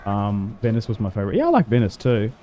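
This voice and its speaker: A man's voice: lowish voice, huge pitch swings, fast talker, mellow. A man chatting casually with his stream while playing a strategy game, rambling with fillers and laughs. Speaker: livestream gamer.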